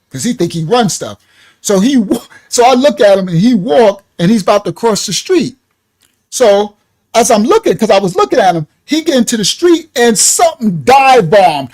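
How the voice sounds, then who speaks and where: A man's voice: extremely high pitch, sing-song, moderate pace. A man preaching casually, telling a story in slangy street talk, laughing often and swinging his voice up and down.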